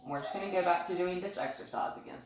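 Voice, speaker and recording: A woman with a fairly low voice talks through a dog training session in a chatty, upbeat way. She sounds far from the mic, in a very echoey living room. A faint hiss sits under her voice. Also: quick pace. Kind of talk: casual training demonstration. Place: living room at home with a couch.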